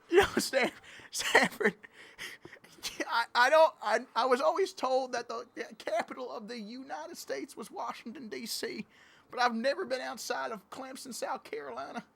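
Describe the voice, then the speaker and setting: A woman playing an excitable, rambling cattle-rancher sports superfan, doing comedic commentary. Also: high voice, unhurried, vocal fry, full character voice. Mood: goofy. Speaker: guest commentator.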